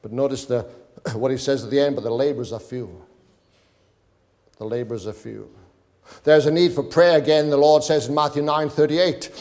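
A man's voice: mid-range voice, moderate pace, long pauses, a little mellow. A male preacher exhorting a congregation, reading scripture aloud in King James wording and pleading with his listeners. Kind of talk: sermon. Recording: long hall reverb.

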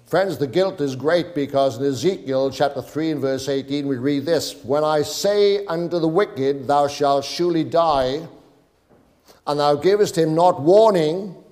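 Man, preacher, sermon, exhorting, scripture reading, slightly high voice, long reverb. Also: measured pace, a little mellow. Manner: reads scripture in King James wording, exhorting and pleading.

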